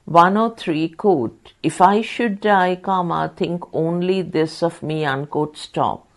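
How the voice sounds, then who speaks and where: Low-voiced woman reading quiz answers really slow, says the commas and quotes out loud, spells words out. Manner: methodical, reads punctuation and quote marks aloud and spells out terms. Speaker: volunteer reader. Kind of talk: reading exam questions and answers aloud.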